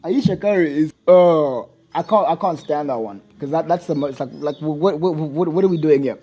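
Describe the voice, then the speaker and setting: Profane high-voiced comedic man. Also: moderate pace, hardly any pauses. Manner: profane, animated riffing with mock voices. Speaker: host. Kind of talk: comedic reaction commentary.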